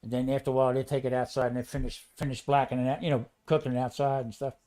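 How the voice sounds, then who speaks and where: A man's voice: mid-range voice, rapid-fire. A man, a retired chef chatting casually and telling rambling stories with lots of restarts. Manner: rambling, excitable storyteller with frequent restarts. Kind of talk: casual chat.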